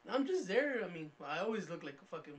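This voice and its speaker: High-voiced man telling a story. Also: quick pace, slight background noise. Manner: animated, loud when acting out his story. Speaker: podcast co-host. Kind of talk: casual storytelling among friends.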